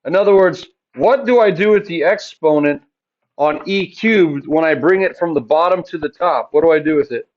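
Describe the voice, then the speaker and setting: A man's voice: fairly high pitch, normal speed, dull audio. A man teaching a math class, chatty and joking, asking his students questions and answering them himself.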